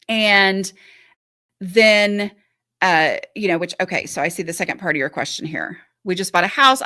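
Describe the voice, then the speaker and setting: A woman's voice: medium pitch, sharp tone, no echo, clean studio sound. A woman hosting a live-stream Q&A, reading out viewer questions and answering them in a chatty, reassuring way with lots of "like" and "um". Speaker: decluttering advice host; former teacher and mother.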